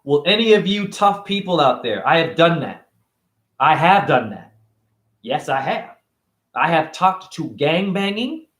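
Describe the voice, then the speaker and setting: A middle-aged man with a fairly high voice delivers a profane, lecturing freestyle rant as a self-styled spiritual teacher. He is confrontational and talks straight at the listener. The room around him is echoey. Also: big pitch swings, unhurried, a bit bright.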